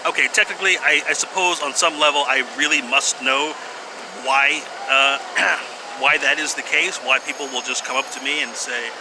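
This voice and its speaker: Outdoor street noise sits behind a vlogger who chats casually to camera in a mid-range voice with fairly even intonation and a moderate pace. His talk is rambling and hesitant, packed with fillers, sighs and wry little laughs.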